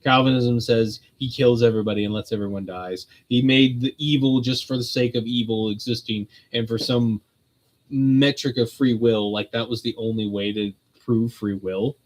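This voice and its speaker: A man's voice: mid-range voice, steady tone, moderate pace, low-quality recording. Rambling, chatty male stream host. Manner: rambling and conversational, laughs often. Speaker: host of a streamed religious talk. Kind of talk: casual chat.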